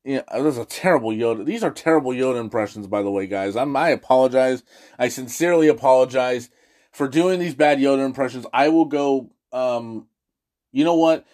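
A man hosting a casual movie review, excitable and gushing, swearing freely and restarting his sentences. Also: medium pitch, brisk.

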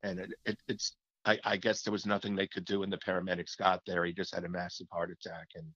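A man with a fairly low voice looks back on his years as a hockey play-by-play announcer. He tells his stories reflectively and often restarts his sentences. The sound is slightly muffled and lo-fi, and it is dry, with no room echo. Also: completely flat delivery, fast talker, fairly bright tone. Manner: reflective storytelling with frequent restarts. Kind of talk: reminiscing interview talk.

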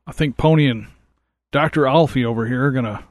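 A man's voice: medium pitch, fairly quick, no echo. A young man playing a tabletop game, playful and laughing often. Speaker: player. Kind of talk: casual tabletop game chat.

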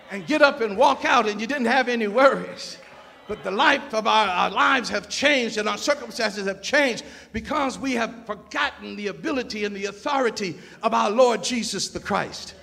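A man preaching a fiery sermon in a church, swinging between quiet asides and shouted, whooping call-and-response. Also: extremely high pitch, vocal fry. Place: church sanctuary. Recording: long church reverb, organ and congregation behind.

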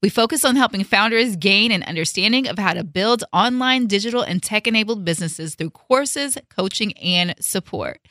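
A woman hosting her own show, telling a story in a casual, animated way and acting out the people in it. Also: medium pitch, normal speed, hardly any pauses, no echo, studio quality. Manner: animated, emphatic, acts out quotes. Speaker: host. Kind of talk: storytime vlog, casual chat.

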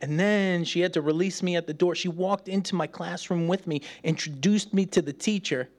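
A man delivers a sermon with a voice pitched a little above most men's. He is playful and talkative, laughs often, and acts out the voices of people in his story. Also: normal speed. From United States. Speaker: preacher. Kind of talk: sermon with personal stories.

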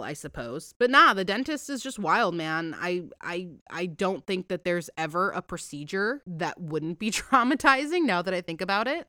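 A woman podcast host chatting casually from home, her pitch swinging up and down as she rambles through a story. She swears freely and talks in an animated, offhand way. The sound is dry and close, with no room echo. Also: clear, resonant tone.

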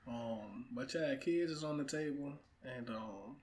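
A man's voice: medium pitch, measured pace, a little mellow. A young man, a guest on a casual podcast, talking with confident, playful bravado about family and coaching. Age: young adult. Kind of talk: casual chat.

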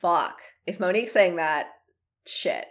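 A woman's voice: on the low side, unhurried. A woman co-hosting a podcast, reacting with horror and swearing as she listens. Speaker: podcast co-host. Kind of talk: casual chat.

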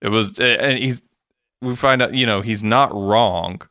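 Bright, crisp-voiced man in casual chat. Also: lowish voice, measured pace, no room sound, studio quality. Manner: laid-back, swears casually, frequent fillers. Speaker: podcast co-host.

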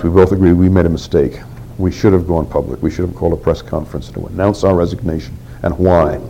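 Older man with a deep, dark voice. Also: a little hiss or hum, rough recording. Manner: candid storytelling, quotes others in dialogue. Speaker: oral history interviewee. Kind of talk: oral history recollection.

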